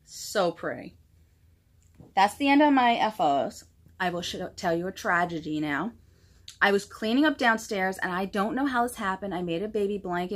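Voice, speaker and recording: Chatty, gushing woman host. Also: medium pitch. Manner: chatty, gushing and self-deprecating. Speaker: knitting podcast host. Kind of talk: casual show-and-tell chat.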